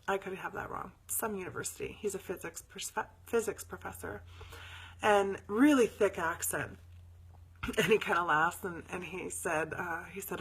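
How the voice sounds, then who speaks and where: On her live spiritual broadcast, a woman with a husky, low-leaning voice tells a story at a moderate pace, chatty and animated. At times she sinks almost to a whisper, then guides the audience into a meditation.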